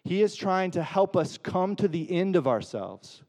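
A man's voice: sits high, big pitch swings, measured pace, darkish tone. A man pastor giving a conversational sermon, asking rhetorical questions and acting out quoted voices.

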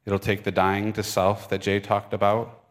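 Deep-voiced Michigan preacher. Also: male voice, completely flat delivery, moderate pace. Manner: conversational, earnest, with fillers and restarts. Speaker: pastor. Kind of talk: sermon. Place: church service. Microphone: microphone.

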